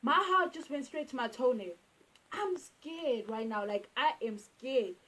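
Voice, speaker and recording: A young South African woman telling a casual storytime, animated and repeating phrases for emphasis. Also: sits high, unhurried, background noise. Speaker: YouTuber.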